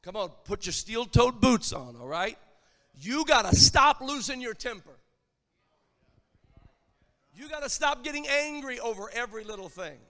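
A man preaching a sermon, emphatic and rising to shouted lines. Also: very high voice, lively intonation, moderate pace, pauses often, big-room sound. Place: church.

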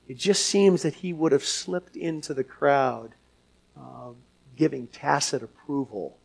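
A man preaching a sermon as pastor to his church, asking the congregation questions and swinging from hushed lines to loud ones. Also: on the high side.

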